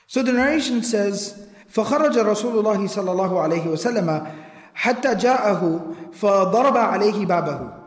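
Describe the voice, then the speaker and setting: A man's voice: high voice, animated, a little fast. A man preaching a sermon, retelling old narrations with emphatic repetition and reciting Arabic quotations between English explanations. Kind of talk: sermon storytelling. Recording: echoey hall with long reverb.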